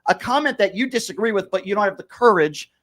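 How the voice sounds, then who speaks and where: A man's voice: high voice, animated, fast, a bit bright. A man hosting a talk show, arguing with a caller and pressing the same question again and again. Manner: combative, repeats questions insistently. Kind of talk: heated call-in argument.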